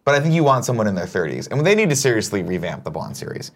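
A man with a fairly low voice talks quickly, his pitch swinging widely as he gets worked up. He hosts a casual morning show, riffing and swearing freely. His delivery is loose, lively and conversational. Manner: fast, animated, swears casually. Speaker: show host. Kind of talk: casual chat.

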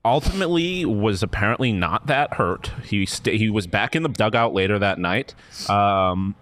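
A man's voice: lowish voice, animated, normal speed, a bit bright. A man co-hosting a sports podcast in casual chat, joking and self-deprecating. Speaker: podcast co-host.

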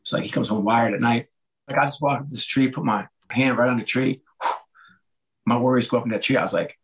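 A middle-aged man with a slightly hoarse voice talks in a loose, conversational way. He slips into the voices of the people in his stories and gives each one an animated delivery. His pitch sits right in the middle. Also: fairly quick, slight background noise, poor audio. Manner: animated, acts out quoted dialogue. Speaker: guest, author and former sports executive. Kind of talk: casual conversational storytelling.

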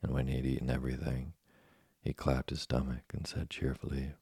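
A man reading a storybook aloud as narrator, with a gravelly, husky voice and a steady delivery. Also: very deep voice, fairly quick, no room sound. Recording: dry close studio sound.

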